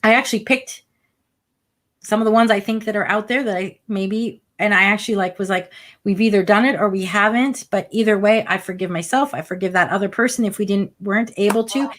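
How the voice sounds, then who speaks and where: A woman's voice: medium pitch, brisk, a bit bright. A woman co-hosting a casual spiritual chat over a video call. She talks bluntly and fills her sentences with "like". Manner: chatty, many "like" fillers, blunt opinions. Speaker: spiritual live-stream co-host.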